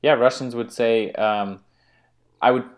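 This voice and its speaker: An American man co-hosting a casual chat, talking in a halting way as he searches for his words. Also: mid-range voice, steady tone. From United States. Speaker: co-host.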